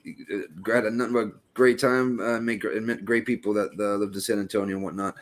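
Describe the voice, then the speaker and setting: A man with a Boston accent and a fairly low voice, chatting loosely on a podcast. He rambles, restarts his sentences and swears freely. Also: steady tone, brisk. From Boston area. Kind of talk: casual podcast chat.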